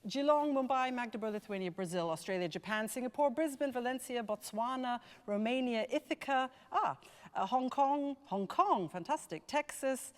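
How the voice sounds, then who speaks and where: A woman's voice: fairly high pitch, lively intonation, moderate pace. Chatty woman teaching a horn masterclass. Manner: chatty, enthusiastic, laughs often. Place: large music college hall. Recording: echoey hall.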